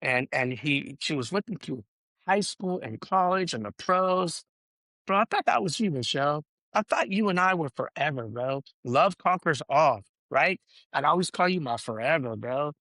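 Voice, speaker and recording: A man's voice: fairly high pitch, lively intonation, normal speed, pushed and bright, no room sound. A middle-aged man hosting a solo podcast, ranting emotionally, swearing and saying "bro" in nearly every sentence as he rambles and restarts. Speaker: podcast host.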